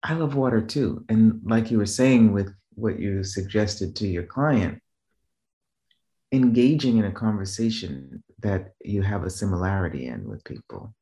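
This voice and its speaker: A man's voice: animated, unhurried, warm tone. A man from the Boston area, a business trainer, telling stories in a loose, rambling way and checking in with "right?" as he goes. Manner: rambling, frequent "right?" check-ins and restarts; acts out quoted voices in a raised pitch. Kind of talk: casual conversational storytelling.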